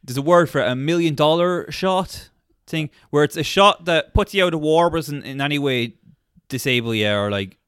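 A man's voice: fairly high pitch, fairly bright tone, smooth, no echo, studio quality. A man co-hosting a podcast in casual chat, rambling sarcastically through a film recap and hunting for words. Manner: rambling and sarcastic, quick bursts, hunts for words. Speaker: podcast co-host.

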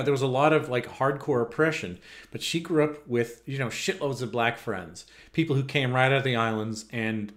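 Man, middle pitch, casual chat, digressive, restarts often. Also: fairly bright tone. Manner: rambling, digressive with many restarts. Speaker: podcast co-host.

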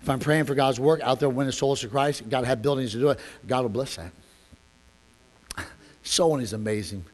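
A man preaching a sermon as a pastor, telling a story with animated rhetorical questions. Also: medium pitch, moderate pace, pauses often. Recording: long echoey hall reverb.

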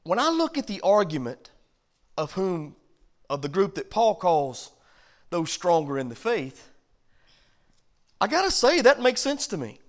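A pastor teaches a Bible study in a church, talking with his listeners as much as preaching to them. His voice sits high for a man, and he swings from loud, pressing stretches down to hushed asides. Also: very animated, a little slow. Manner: conversational preaching with big swings in loudness.

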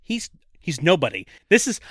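A man's voice: on the high side, huge pitch swings, moderate pace, fairly bright tone, husky, no room sound, studio quality. A man co-hosting a podcast in casual chat, playful as he reads trivia aloud. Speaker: podcast co-host.

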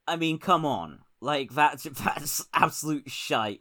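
A man's voice: on the high side, lively intonation, slow, sharp tone. A young man co-hosting a casual political podcast, sardonic and laughing, with frequent restarts. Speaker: podcast co-host.

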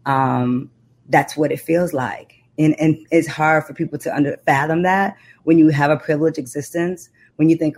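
A woman's voice: steady tone, a little mellow, husky. Poet woman with a rhythmic, impassioned delivery. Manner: slow, rhythmic, impassioned reciting; low-key, reflective talk with fillers. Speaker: poet and author. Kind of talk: spoken-word poem recital and interview talk.

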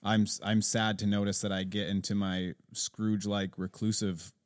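A man in his forties hosting a casual podcast chat, halting and restarting often, quick to laugh. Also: fairly low pitch, level tone, dry recording, studio quality. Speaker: podcast host.

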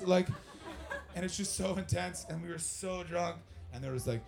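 A man's voice: sits high, normal speed, gravelly. A young Canadian man doing stand-up, telling loose, profane stories and chatting with the crowd. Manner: loose, profane, animated storytelling. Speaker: stand-up comedian. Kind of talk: stand-up crowd work and storytelling.

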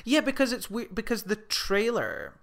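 A man's voice: high voice, wildly swooping pitch, normal speed, creaky, fairly bright tone. Sweary, ranting man. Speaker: film podcast co-host. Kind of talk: casual chat.

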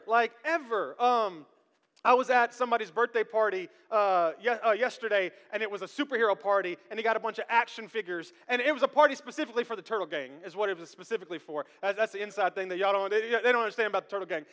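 A man in his thirties delivers a sermon with a strikingly high voice. He jokes with the congregation, asks them questions and keeps repeating himself as he goes. The sound carries a long reverb from a large church hall. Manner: joking, animated, repeats words, talks to the congregation. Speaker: pastor. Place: church sanctuary.

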